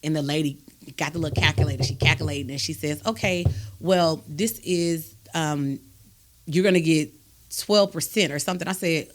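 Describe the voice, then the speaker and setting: A woman, hosting a podcast and telling a personal story in a candid, animated, emphatic way. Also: low-pitched, normal speed. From Texas, USA. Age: adult, raised a grown son. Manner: emphatic and animated, with frequent "do you understand me?". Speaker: podcast host.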